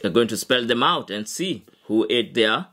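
A man's voice: mid-range voice, lively intonation, moderate pace, sharp tone. Man, family vlog co-host, playful, laughs easily. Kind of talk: casual couple vlog chat.

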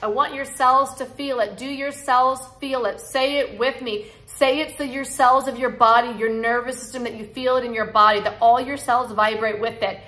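A woman's voice: on the high side, fairly even intonation, normal speed, hardly any pauses, pushed and bright. A woman in her thirties, a sobriety coach, talking straight to her viewers in an earnest, encouraging way and repeating affirmations. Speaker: sobriety coach and channel host. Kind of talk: heartfelt direct-to-camera talk.

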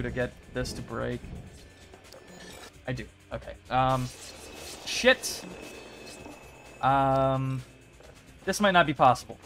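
A young man giving casual gameplay commentary, talking to himself and to the characters on screen, begging, cursing and celebrating. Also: mid-range voice. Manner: talks to himself and game characters, pleading and swearing. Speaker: gaming YouTuber.

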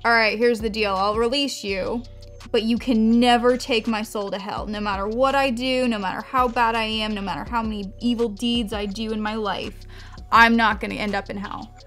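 A woman's voice: fairly high pitch, steady tone, normal speed, a bit bright, soft background music, lightly acted. A woman voicing a whiny, drunk male trickster who pleads and bargains, in a storytelling video. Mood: bargaining. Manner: pleading, wheedling.

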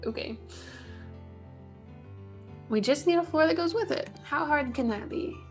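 With a high voice and a measured pace, a woman of roughly thirty-something narrates a casual let's play for her gaming channel. Soft background music plays as she chats, tossing wry asides to herself during the build.

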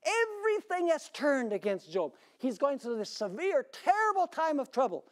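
A male pastor delivering a sermon, asking rhetorical questions and swinging suddenly between loud, high emphasis and quiet lows. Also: big pitch swings, moderate pace.

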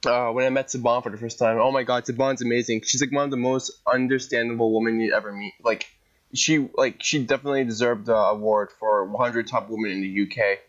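Excitable guy rambling with lots of "like", mid pitch, kinda muffled lo-fi sound. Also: fast talker. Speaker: podcast co-host. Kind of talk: casual chat.

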